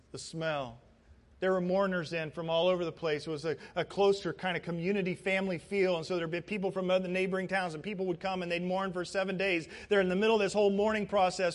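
A man preaching a sermon as pastor, shifting from hushed asides to loud dramatic outbursts. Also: sits high. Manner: dramatic, swings from hushed to shouting. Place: church sanctuary.

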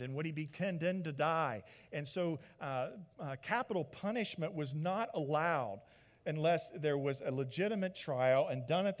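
A man preaching a sermon as a pastor, retelling the story in a lively way and acting out the people in it. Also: on the high side. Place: church sanctuary. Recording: long church reverb.

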